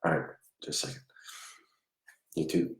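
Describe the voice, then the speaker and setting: During a live reading, a man acting as a psychic medium speaks softly and haltingly, murmuring reassurances. The sound is roomy.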